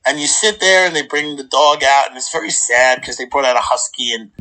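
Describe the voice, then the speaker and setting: Over a low-quality recording, a man hosts a casual chat, spinning funny stories and acting out the people in them as an animated comic storyteller. His mid-range voice runs a little fast.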